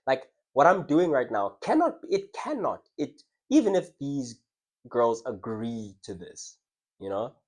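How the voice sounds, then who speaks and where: A man's voice: medium pitch, very animated, a little slow, darkish tone. A young man casually telling a personal story to his audience, reflective and conversational, often restarting his words and laughing. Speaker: vlogger.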